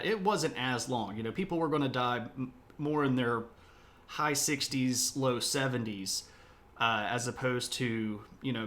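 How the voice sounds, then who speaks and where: Speaking at a medium pitch with a sharp tone, this middle-aged South Mississippi man runs a relaxed history livestream. He's talkative, calls himself opinionated, and keeps drifting into tangents.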